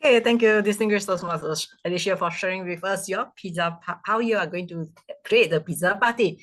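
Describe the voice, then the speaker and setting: A woman wrapping up a table topics segment, formal and slightly halting. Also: medium pitch. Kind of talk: meeting facilitation.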